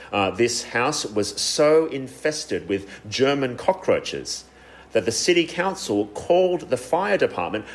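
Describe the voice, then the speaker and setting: A man preaching a sermon in an earnest tone, with frequent fillers and shifting emphasis. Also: on the low side.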